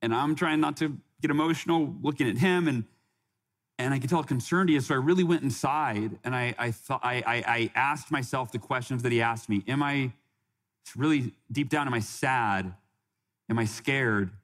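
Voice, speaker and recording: A man's voice: mid-range voice, fairly quick. A man in his forties, a podcast guest, telling a personal story in an earnest way, often restarting and quoting others. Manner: earnest, with frequent restarts and quoted dialogue.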